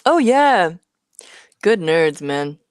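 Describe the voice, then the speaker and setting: A woman's voice: lowish voice, sing-song, very slow, clean tone, no room sound. A woman co-hosting a live hardware build stream, chatting casually and thinking aloud, muttering half to herself as she works through things, with a playful, slangy way of talking. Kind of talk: casual chat.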